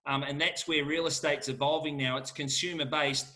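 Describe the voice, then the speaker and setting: A man's voice: a little high, steady tone, normal speed, bright, forceful tone. A middle-aged man, answering questions as an auctioneer in an emphatic, fired-up salesman manner. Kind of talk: lively Q&A answers.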